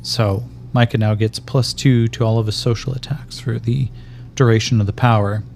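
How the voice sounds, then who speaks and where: Gravelly game master calling dice rolls. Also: male voice, medium pitch, fairly even intonation, darkish tone, slight background noise. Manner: measured, calls out dice rolls. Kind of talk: narrating a solo tabletop game.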